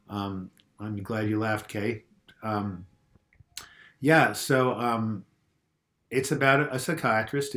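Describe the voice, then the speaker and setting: Older male host with a cold, casual and chatty, answering viewer questions on a lapel mic at home. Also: fairly low pitch. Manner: chatty, reads out viewer comments and answers them. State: getting over a cold. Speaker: host of a mental health Q&A. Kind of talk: casual live video chat. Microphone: lavalier mic.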